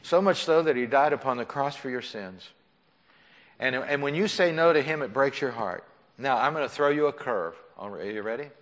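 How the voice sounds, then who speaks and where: A male pastor preaching an impassioned sermon in a church, swinging between loud pleading and hushed, soft tones. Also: medium pitch, lively intonation, normal speed. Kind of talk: sermon with altar call. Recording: long church reverb.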